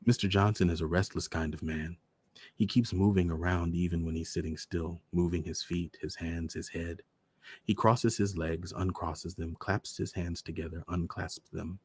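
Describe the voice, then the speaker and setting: A man reading a short story aloud as the host of a storytime show, measured and deliberate. His voice is very deep, with a gravelly fry and a husky edge. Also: little pitch movement.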